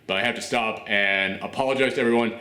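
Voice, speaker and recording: A man reviewing a TV show on his channel, talking in an animated, rambling way and nearly shouting with enthusiasm. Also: lowish voice, fast. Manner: animated, near-shouting, gushing. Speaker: YouTube reviewer. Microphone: camera mic. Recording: roomy echo.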